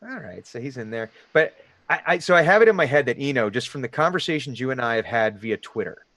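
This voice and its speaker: A man runs a tabletop game and narrates the scene in a loose, rambling way. His voice is mid-pitched and sits in a dry, close recording. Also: lively intonation, fast, fairly bright tone, dry recording. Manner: rambling, with many fillers. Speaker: game master.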